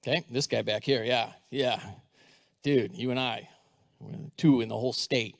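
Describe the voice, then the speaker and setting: A man's voice: mid-range voice, steady tone, moderate pace, creaky. A middle-aged man, a school superintendent, telling a story to a live audience, acting out the dialogue and asking the crowd questions. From United States. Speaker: school superintendent giving a talk.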